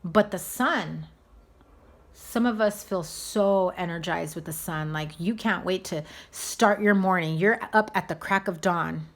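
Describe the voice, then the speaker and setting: A woman giving a casual tarot reading to her viewers, chatty and animated, cursing now and then. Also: lowish voice, a little slow. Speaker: tarot reader.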